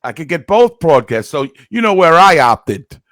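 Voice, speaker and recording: A man's voice: fairly high pitch, sing-song, moderate pace, a bit bright, dry recording, studio quality. A man with a New York accent co-hosting a casual fan podcast, joking and bantering. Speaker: podcast co-host. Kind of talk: casual hockey fan chat.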